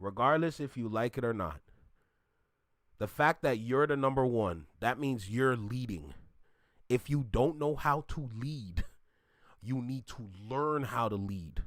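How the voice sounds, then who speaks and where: A man's voice: mid-range voice, animated, measured pace, fairly bright tone, no echo, studio quality. A man from Canada hosting a reaction video, ranting bluntly in casual commentary and laughing often.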